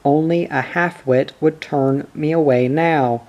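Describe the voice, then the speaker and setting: Brief: reader voicing a fiery young woman firing back, slow and mid-pitched. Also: fairly even intonation, a little mellow, dull audio, natural voice. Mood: fierce. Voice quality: vehement, scalding retorts. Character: fierce, proud young woman standing her ground.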